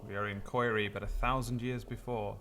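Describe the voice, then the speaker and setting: A man running a tabletop game as game master, relaxed and rambling. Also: fairly low pitch, a little fast, slight background noise.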